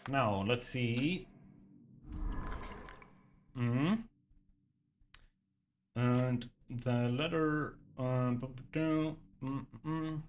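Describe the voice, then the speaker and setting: A man's voice: mid-range voice, steady tone, extremely slow, long pauses, slight background noise. A man streaming a horror game, giving casual commentary with jokey, exclamatory asides.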